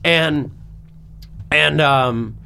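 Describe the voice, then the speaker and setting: A man's voice: a little high, very slow, vocal fry, sharp tone, smooth. A man hosting a podcast in casual chat, talking in a rambling, emphatic way with lots of fillers and swearing. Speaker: podcast host.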